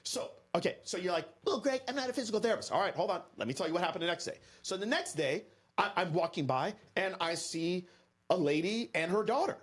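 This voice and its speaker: A man from Florida, a podcast guest, telling a story in an energetic, emphatic way and talking straight to the listeners. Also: sits high, fairly quick, breathy edge. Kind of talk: animated storytelling to an audience.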